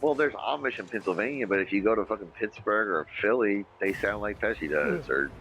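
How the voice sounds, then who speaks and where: Deep-voiced man, rambling and profane. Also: fairly quick, a bit bright, slight background noise, rough recording. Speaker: livestream podcast host. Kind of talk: casual chat reading viewer comments.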